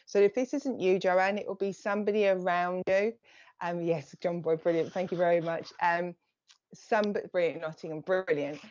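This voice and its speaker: A woman giving live psychic readings, chatting in quick bursts and thanking viewers by name as she relays messages. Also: fairly low pitch, fairly even intonation, a little mellow, muffled recording.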